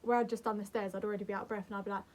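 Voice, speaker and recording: A young woman vlogger giving calm, earnest advice to camera in a gentle, soothing way. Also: medium pitch, racing, a little hiss or hum. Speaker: mental health vlogger.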